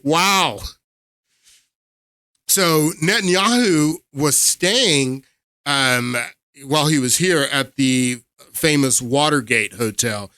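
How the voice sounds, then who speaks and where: A man's voice: on the high side, expressive, slow pace, sharp tone, smooth, no echo, studio quality. A man hosting a political commentary show, talking emphatically to his viewers and laughing in disbelief.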